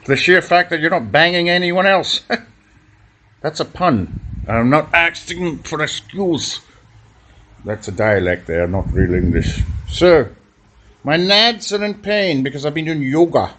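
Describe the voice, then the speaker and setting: Male comic, deadpan rambler, fairly high voice with a lively, swooping delivery. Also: a little hiss or hum. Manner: deadpan, rambling, self-correcting puns. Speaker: comedy podcast host. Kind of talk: rambling absurd comedy monologue.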